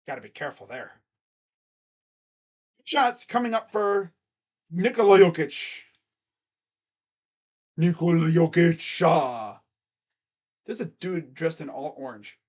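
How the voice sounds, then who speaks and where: A man doing casual live play-by-play reaction to a basketball game, chatty and excitable, with slangy asides between the calls. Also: mid-range voice, slow, long pauses. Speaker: live stream play-by-play commentator.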